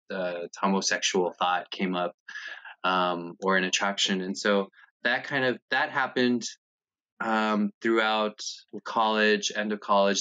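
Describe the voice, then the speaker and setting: Candid man with a bright, forceful voice. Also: lowish voice. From United States. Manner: candid, halting, animated when retelling scenes. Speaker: interviewee, congressional candidate. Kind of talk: personal storytelling in an interview. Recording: dull, lo-fi sound.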